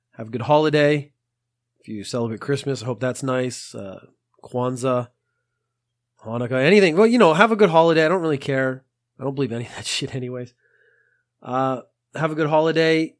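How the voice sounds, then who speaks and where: A man's voice: mid-range voice, a little fast. A man hosting a podcast in a casual monologue, dry and exasperated, rambling at length. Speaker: podcast host.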